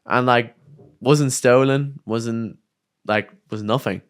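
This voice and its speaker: A young man with an Irish accent, a podcast guest telling a story in casual chat, animated and swearing freely. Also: medium pitch, slow, clear, resonant tone. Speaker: podcast guest, downhill mountain bike racer.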